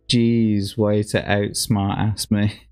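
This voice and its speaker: A man's voice: fairly low pitch, a little mellow. Sweary man rambling on stream. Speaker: streamer reacting to old adverts. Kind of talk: casual livestream commentary.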